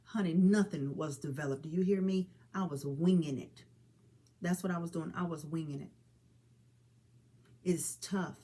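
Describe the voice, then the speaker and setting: Woman in her forties, low-pitched, earnest and preachy direct address, warm "honey" asides. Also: moderate pace, pauses often, slightly rough. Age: 40s. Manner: earnest, preachy, calls listener honey and child. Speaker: mother speaking on suicide awareness. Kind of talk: heartfelt direct-to-camera talk.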